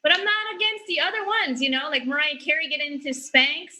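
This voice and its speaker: Female comic, high and very bright, dry delivery with ums. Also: fairly quick, poor audio. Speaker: comedian panelist.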